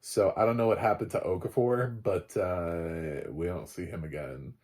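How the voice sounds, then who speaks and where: Man, lowish voice, casual TV recap, rambling, chuckling, lots of ums. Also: fairly even intonation, moderate pace, darkish tone. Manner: rambling, filler-heavy, laughs often. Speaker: TV show reviewer.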